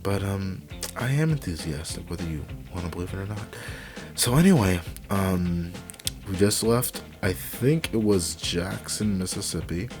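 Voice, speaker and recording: A young man quietly commenting on a truck driving game at home at night, rambling with lots of fillers and restarts on a cheap desk microphone. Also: deep voice, lively intonation, measured pace, faint music behind. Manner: hushed, quiet talking to avoid waking family. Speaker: let's play gamer. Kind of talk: casual gameplay commentary.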